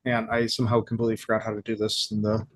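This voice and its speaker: A man's voice: lowish voice, completely flat delivery, rapid-fire, no echo. A man chatting casually as a player at a tabletop game, making wry offhand remarks.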